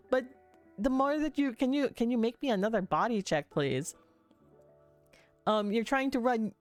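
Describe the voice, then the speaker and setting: A woman narrating a livestreamed tabletop game as game master, meandering and halting with many fillers. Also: a little high, expressive, soft background music.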